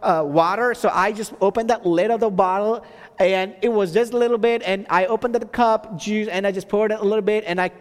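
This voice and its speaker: High-voiced man preaching in a reverberant hall. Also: steady tone, brisk. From Texas. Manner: storytelling with many restarts and fillers, rising to emphatic preaching. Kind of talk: sermon testimony.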